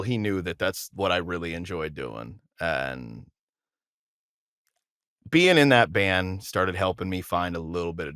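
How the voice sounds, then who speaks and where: A man's voice: low voice, dry recording, studio quality. A male podcast guest and musician telling long casual stories, acting out what others said, with lots of restarts. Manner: rambling, animated storyteller acting out quotes, frequent restarts. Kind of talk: casual storytelling interview.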